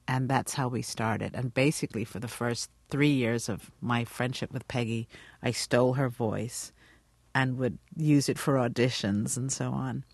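A middle-aged actress from Guyana with a British accent, speaking thoughtfully in a radio interview. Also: female voice, rumbling low, fairly even intonation, unhurried, vocal fry, darkish tone, breathy edge, dry recording. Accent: British English.

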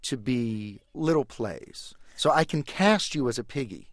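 A man being interviewed on radio as an author, explaining his work in a playful, animated way. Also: mid-range voice, a little slow, dry recording, studio quality. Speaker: author guest.

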